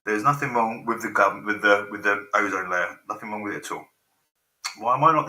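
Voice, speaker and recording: A man's voice: fairly low pitch, brisk, bright, forceful tone. A man in his forties hosting a rambling live stream, swearing freely and getting sidetracked by technical trouble. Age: 40s. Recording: roomy echo.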